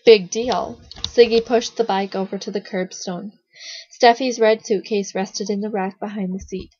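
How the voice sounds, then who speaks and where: A woman reading a children's novel aloud, in a steady storytelling manner with small slips. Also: mid-range voice, moderate pace, a little hiss or hum. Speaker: reader, narrator. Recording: dull lo-fi recording.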